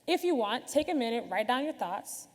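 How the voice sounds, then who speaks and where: A woman with a somewhat high voice delivers a conference keynote from a stage microphone. She talks candidly and conversationally and speaks directly to the audience. Her words ring out with a long reverb in a large hall. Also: big pitch swings, normal speed, darkish tone.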